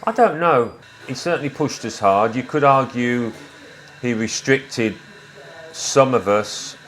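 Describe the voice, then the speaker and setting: An English man in his fifties, a former footballer, telling stories in a relaxed interview with small restarts. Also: mid-range voice, slow, a little hiss or hum. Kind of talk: reflective conversational storytelling.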